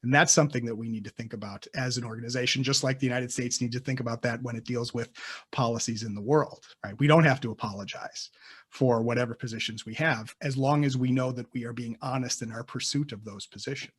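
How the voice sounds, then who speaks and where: A man's voice: medium pitch, fairly even intonation, breathy edge. Guy on a policy panel, keeps restarting, stumbles over words. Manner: halting, many restarts and repeated words. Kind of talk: unscripted panel discussion.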